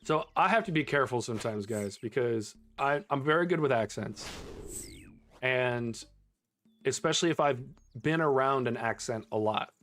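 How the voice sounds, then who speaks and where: A man's voice: medium pitch, lively intonation, normal speed, fairly bright tone. A young man chatting casually with his viewers while he plays a game on stream, laughing often. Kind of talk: casual live-stream chat while gaming.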